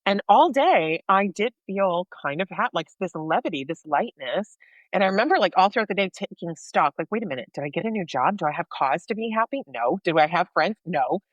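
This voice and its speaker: An American woman co-hosting a podcast, telling a personal story in a lively way and acting out the voices of people in it. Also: on the low side, a little fast, dry recording, lo-fi sound. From United States. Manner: animated storyteller, acts out dialogue. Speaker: podcast co-host sharing her faith story.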